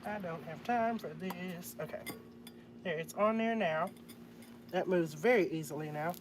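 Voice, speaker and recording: A man's voice: high-pitched, a little slow. Man, casual livestream talk, mutters to himself, phone mic, noisy background. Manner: chatty, muttering to himself as he works. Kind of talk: casual live-stream commentary while repairing.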